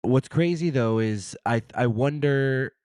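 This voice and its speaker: A man's voice: medium pitch, slow, darkish tone, clean tone, no echo, clean studio sound. A man in his thirties, a podcast co-host, talking reflectively in casual chat, searching for words. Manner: reflective, searching, full of "like" and trailing questions.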